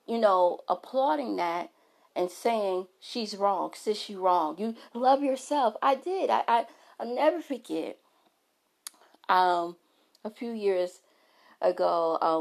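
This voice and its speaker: A woman's voice: mid-range voice, unhurried, vocal fry, long pauses. A middle-aged woman vlogger talking frankly and emphatically to her followers, often restarting her sentences. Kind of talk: candid talk to camera.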